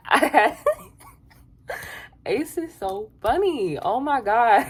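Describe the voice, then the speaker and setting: A woman giving a casual, sassy recap of a reality show, chatty and quick to laugh. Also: medium pitch, expressive, breathy edge. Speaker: reality TV reviewer.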